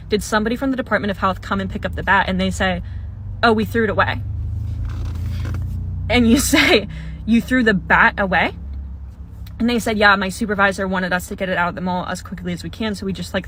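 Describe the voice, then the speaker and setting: A young woman tells her own story in a casual storytime voice, mid-pitched for a woman, with a bright tone. She speaks of herself as "you" and laughs through parts of it. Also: slight background noise.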